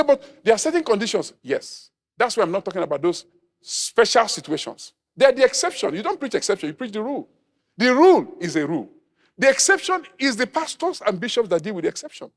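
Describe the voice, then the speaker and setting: Animated, high-voiced preaching man. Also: fairly quick. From Nigeria. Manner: animated preaching with humor, acting out quoted voices. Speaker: pastor. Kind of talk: sermon.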